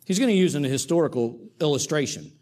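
Male preacher, high-pitched, dramatic sermon storyteller. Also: animated, fast. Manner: dramatic storytelling, swinging between hushed and loud.

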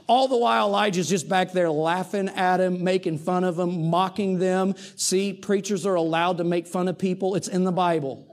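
High-voiced man preaching dramatically. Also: steady tone, normal speed, hardly any pauses. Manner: dramatic storytelling, swinging between hushed and loud. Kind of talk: sermon.

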